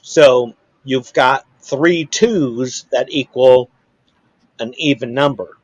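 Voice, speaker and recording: Slow, patient man explaining rhythm. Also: medium pitch, no echo, low-quality recording. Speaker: musician guest. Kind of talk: casual chat.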